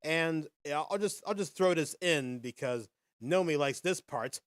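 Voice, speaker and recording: A man hosting a live podcast with a lively, bouncing delivery that swings up and down in pitch. His voice sits a little higher than most men's. The sound is dry and close, with no room around it. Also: a little slow, no room sound. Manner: animated, folksy, addresses viewers directly. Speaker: podcast host. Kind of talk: casual live-stream chat and quiz.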